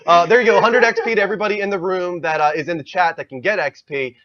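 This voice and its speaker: A man hosting a casual gaming talk show, running the segments and reading out shout-outs to viewers. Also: high voice, fast, dull audio, crowd noise. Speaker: podcast host.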